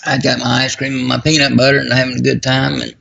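A man telling a personal story in a folksy, self-deprecating way, with a gravelly voice. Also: mid-range voice, little pitch movement, fast talker, bright, forceful tone, muffled recording, slight background noise. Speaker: guest.

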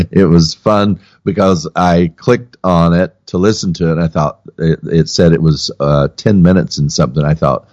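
A man co-hosting a podcast in a relaxed, easygoing way, often hesitating with fillers. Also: deep voice, a little slow, no room sound, dull audio. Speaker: podcast co-host and teacher. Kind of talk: casual podcast chat.

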